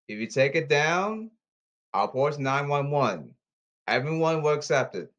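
A man podcasting alone in a repetitive, halting, pleading monologue. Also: fairly high pitch, very animated, a bit bright. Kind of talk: rambling solo monologue. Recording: slightly dull lo-fi audio.

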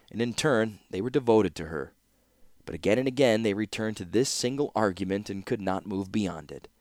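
A man reading a fantasy novel aloud in steady, even scripted narration. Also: lowish voice, dry recording, studio quality. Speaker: audiobook narrator.

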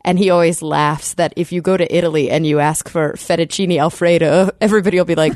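A woman's voice: lowish voice, fairly even intonation, fast talker, darkish tone. A woman on a podcast panel chatting with enthusiasm. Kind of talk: casual chat.

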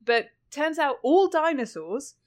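A woman co-hosting a casual film discussion podcast, lively, often trailing off and restarting her sentences. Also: high voice, a little slow. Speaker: podcast co-host.

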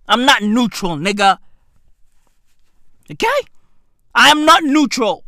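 A man, delivering a profane comedic rant that swings between shouting and muttering. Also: extremely high pitch, lively intonation, slow pace, no room sound, clean studio sound. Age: 30s.

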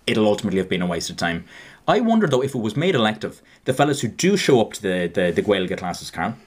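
Talking fast and very animated in a lowish voice, this Irish podcast co-host in his twenties jokes and chats loosely, addressing listeners as "lads."

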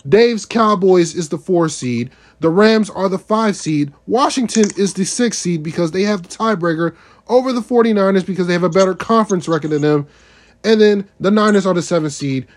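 A man's voice: high voice, moderate pace. A man co-hosting a casual sports podcast, going methodically through lists one item at a time. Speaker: podcast co-host.

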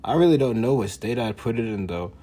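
Brief: a man with a husky, mid-pitched voice doing a profane, boastful comic rant. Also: lively intonation, brisk, mellow. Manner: profane, boastful, laughing often. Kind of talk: casual comedic rant.

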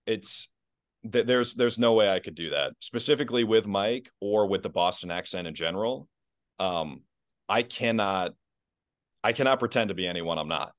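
A man with a notably low voice chats as a guest on a sports podcast. He is easygoing and self-deprecating, laughing often. The sound is dry and close. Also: animated, normal speed, dry recording. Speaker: podcast guest, basketball play-by-play announcer. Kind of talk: casual podcast chat.

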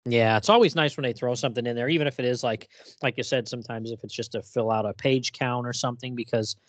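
A man's voice: mid-range voice, fast talker, dry recording. A man hosting a comics podcast in casual chat, rambling with lots of fillers and easy laughs. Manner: relaxed, rambling, many fillers, laughs often. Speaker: podcast host.

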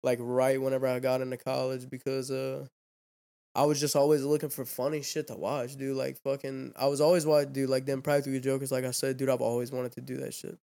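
A young man hosts a podcast, chatting casually while he rambles, swears, and fills his speech with "dude" and "like." His medium-pitched voice is gravelly and dark with a level tone, moving a little fast, and the recording is clean.

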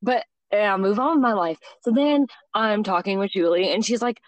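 A woman's voice: mid-range voice, moderate pace, no echo, muffled recording. Chatty woman telling a story. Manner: animated storyteller acting out quoted voices. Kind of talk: casual storytelling chat.

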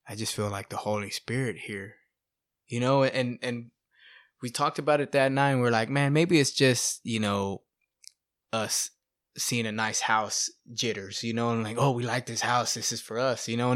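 A middle-aged man, a guest sharing testimony, tells his life story in casual chat with a mid-range voice at a moderate pace. He's animated, acts out what people said, and leans on "you know" and "bro." Studio-quality audio with no echo.

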